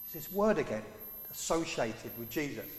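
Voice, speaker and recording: A man's voice: a little high, very animated, moderate pace. Man preaching in an echoey hall. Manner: conversational, asks the congregation questions. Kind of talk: sermon.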